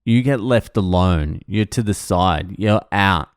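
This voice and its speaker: A man's voice: sits low, slow pace, clean tone, dry recording, studio quality. An Australian man telling a story casually, swearing often and mocking himself. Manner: sweary, self-mocking anecdote with laughs. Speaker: vlogger.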